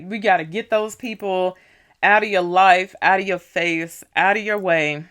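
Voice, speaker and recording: Chatty woman telling a story. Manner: chatty, animated storyteller with frequent "you know" and "right?"; acts out dialogue with raised pitch when riled up. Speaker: vlogger. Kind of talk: casual storytelling vlog.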